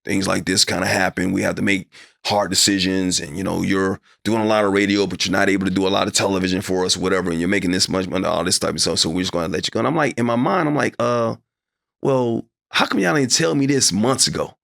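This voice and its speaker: A man's voice: steady tone, fast talker, vocal fry, a bit bright, no room sound, studio quality. A middle-aged man, a broadcaster guest in an interview, telling a personal story with animation and acting out the dialogue in it. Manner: acts out his own past dialogue, voice climbing high when upset.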